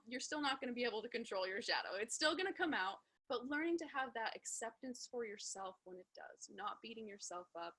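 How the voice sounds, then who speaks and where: A woman with a breathy, bright voice, teaching in a loose, rambling way. She fills her talk with "like" and "you know" and slips into voicing her own inner questions. Her pitch sits a little high. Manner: rambling, many fillers, acts out inner self-talk. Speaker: spiritual teacher. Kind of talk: casual spoken teaching.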